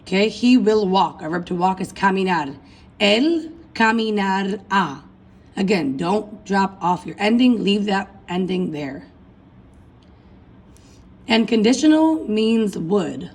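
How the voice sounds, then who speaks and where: A woman talks through a lesson at an unhurried, deliberate pace. Her voice carries a slight huskiness. She chants lists of endings aloud and calls her listeners folks. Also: medium pitch, animated, a little mellow, husky, poor audio. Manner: chanting verb endings, addressing students as folks. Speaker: Spanish teacher. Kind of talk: recorded classroom lesson.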